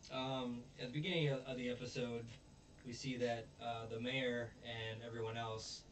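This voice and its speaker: A man with a lowish voice rambles casually through a recap of a show episode, full of ums and restarts, now and then acting out the characters' lines. He's a show reviewer, heard at a distance from the mic with slight background noise.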